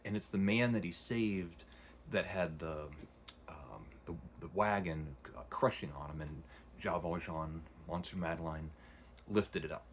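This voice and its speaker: A man's voice: deep voice, measured pace, slight background noise. A man casually retelling and reviewing a long novel, rambling with frequent restarts. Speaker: book reviewer. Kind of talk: casual book review vlog.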